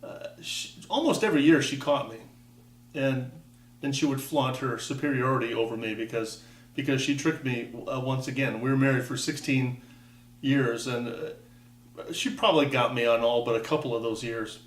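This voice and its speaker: A man's voice: mid-range voice, normal speed, recorded from a distance. A man in his fifties from Wisconsin, telling a rambling personal story with wry asides and frequent restarts. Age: 50s. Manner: rambling, self-interrupting, wry. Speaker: vlogger. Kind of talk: casual personal monologue. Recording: echoey room, voice off-mic.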